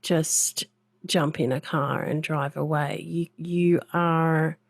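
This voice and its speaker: Host: a woman with a low voice, slow and reflective, gentle in conversation. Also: fairly even intonation, vocal fry, dry recording. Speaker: podcast host. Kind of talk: interview conversation.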